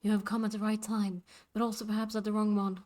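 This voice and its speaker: A woman voicing a calm, formal frog who hosts a jumping contest, speaking softly and courteously. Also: medium pitch, lightly acted. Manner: soft-spoken, courteous, measured.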